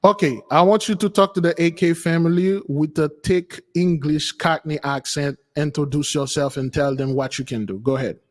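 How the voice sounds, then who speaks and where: A man hosting his channel, talking casually and haltingly with many fillers. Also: on the high side, big-room sound. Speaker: channel host. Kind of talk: casual talk with an AI.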